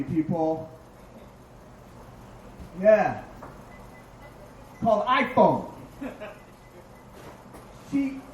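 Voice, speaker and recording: A man doing a crude stand-up set on a dive bar stage, telling stories about his wife. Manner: crude, storytelling, lively swings in pitch. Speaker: stand-up comedian. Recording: echoey bar from far off, faint noise.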